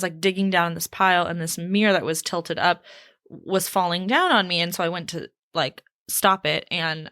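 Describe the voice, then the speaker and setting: A young woman chats her way through a solo podcast episode in a small home studio. She is lively and animated, and her voice swoops up high whenever she quotes someone. The close mic sound is dry, with no room echo. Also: clear, resonant tone. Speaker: podcast host. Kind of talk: casual solo podcast chat.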